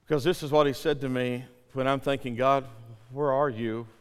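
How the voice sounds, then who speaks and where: Impassioned pastor in a reverberant hall. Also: male voice, medium pitch, steady tone, normal speed, clean tone. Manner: swings from loud impassioned pleading to hushed near-whispers. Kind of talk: sermon with altar call.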